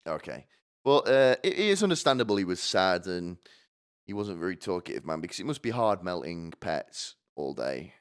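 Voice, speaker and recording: A man's voice: low voice, big pitch swings, moderate pace, smooth. A man ranting alone on a live stream, provocative and full of asides. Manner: rambling and provocative, swearing, asking "right?". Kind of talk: solo stand-up style rant.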